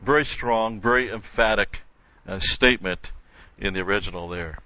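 A man's voice: lowish voice, normal speed, sharp tone, lo-fi sound. An older man teaching a verse-by-verse Bible study, explaining carefully with frequent restarts and emphatic repetition.

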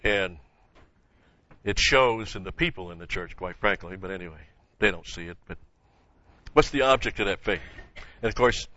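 A man teaching the Bible sermon-style, halting with many fillers and asking rhetorical questions. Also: sits low, sharp tone, dry recording. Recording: dull lo-fi recording.

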